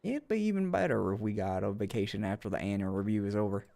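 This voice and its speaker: A man's voice: on the low side, expressive, quick pace, creaky, dark tone. A man voicing a weary, chatty male office worker who gossips in a tired way while voice acting a game aloud. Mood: gossipy.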